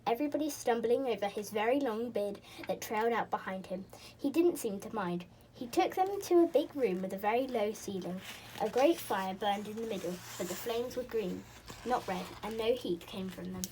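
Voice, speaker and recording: A woman reading a children's storybook aloud in an expressive way, with a few slips and restarts. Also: mid-range voice, normal speed, slight background noise.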